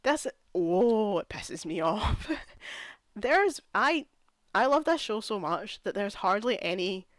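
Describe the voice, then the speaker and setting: A woman's voice: medium pitch, sing-song, slow, dry recording. Exasperated young woman ranting on a vlog. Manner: exasperated, ranting, heavy use of "like". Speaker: vlogger reviewing a TV series. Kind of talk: casual chat.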